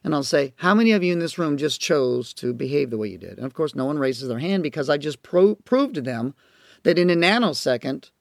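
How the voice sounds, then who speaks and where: A man's voice: on the high side, animated, a little fast, gravelly, no echo, studio quality. A man teaching parents in a recorded lecture, explaining in an earnest, emphatic way. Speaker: parenting educator and counselor.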